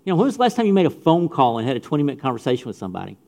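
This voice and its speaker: A middle-aged pastor rushes through an emphatic youth sermon at a very fast clip, repeating phrases and speaking straight to listeners. His mid-range voice is very animated, gravelly, and slightly mellow.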